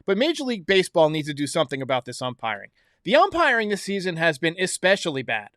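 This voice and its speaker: Man, high pitch, blunt opinionated sports recap, dry home setup. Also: huge pitch swings, fast talker, fairly bright tone, dry recording. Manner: blunt, opinionated, talks straight to viewers. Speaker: host of a baseball recap show. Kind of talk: solo sports recap commentary.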